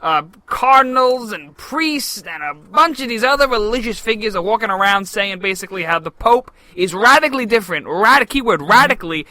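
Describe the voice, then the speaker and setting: A young adult man co-hosts a political podcast, brash and joking through casual banter as a quick talker. His high voice is animated, bright, and forceful, in a low-quality recording with no echo.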